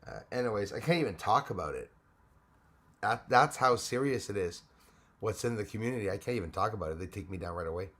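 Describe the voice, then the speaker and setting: A man's voice: lowish voice, expressive, fast, a bit bright. A man hosting a live stream, chatting casually and greeting viewers by name, rambling with frequent restarts. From Canada.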